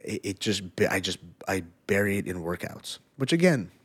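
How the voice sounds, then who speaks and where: A middle-aged man in casual conversation, an animated storyteller who swears freely and laughs often. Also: low-pitched, moderate pace, slightly rough. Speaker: podcast guest, former fighter.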